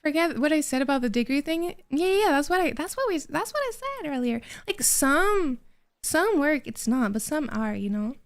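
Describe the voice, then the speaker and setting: High-voiced young woman with a mild Quebec French accent. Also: big pitch swings, moderate pace. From Quebec, Canada. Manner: chatty, laughs often, trails off and restarts. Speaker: streamer. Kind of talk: casual chat with viewers.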